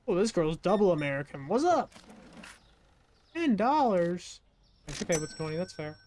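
A woman's voice: lowish voice, sing-song, a little fast, darkish tone, slight background noise. A woman streamer giving casual let's-play commentary, cracking jokes and talking to the customers in the game. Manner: joking, chatty asides to game customers. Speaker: gaming streamer.

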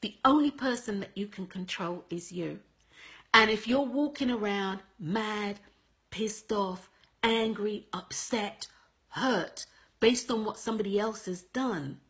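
Bright, husky woman giving life advice. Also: medium pitch, takes it slowly. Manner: emphatic, repeats points, addresses viewers as guys. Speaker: host. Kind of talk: motivational advice talk.

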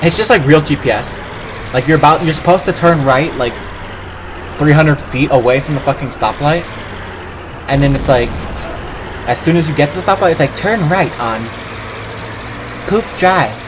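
A man giving profane, excitable let's play commentary, yelping and laughing at the game. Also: fairly high pitch, normal speed, long pauses, noisy background. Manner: profane, excitable, yelps and laughs while playing. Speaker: gaming channel host.

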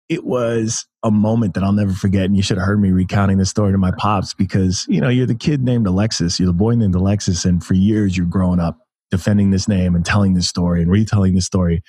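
Lively deep-voiced American guy in his thirties. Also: slightly rough, dry recording, clean studio sound. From United States. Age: 30s. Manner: animated storyteller, laughs often, many restarts. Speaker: guest. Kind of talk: casual interview conversation.

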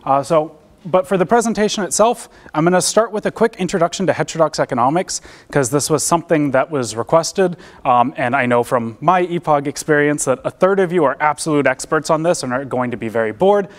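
A man's voice: fairly high pitch, expressive, brisk. A young American man giving an academic seminar talk in a lecture room, casual and self-deprecating, with many fillers and restarts. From United States. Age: young adult. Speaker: seminar presenter.

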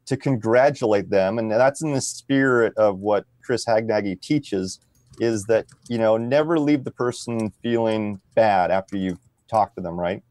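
A man's voice: fairly low pitch, a little slow, darkish tone, dry recording. A man speaking as a podcast guest, explaining at an easy pace and often tagging his sentences with "right?". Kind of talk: conversational interview.

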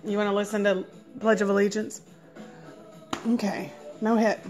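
A young woman at home feeding her son, filmed on a phone, switching between soft murmured questions and high cheerful praise. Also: flat delivery, normal speed, faint music behind. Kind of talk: casual home video chat.

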